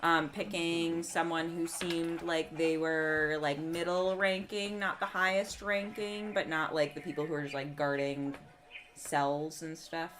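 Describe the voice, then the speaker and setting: A woman's voice: low voice, little pitch movement, measured pace, fairly bright tone. A woman playing a tabletop game, talking casually and wryly about her character. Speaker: player. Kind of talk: casual chat.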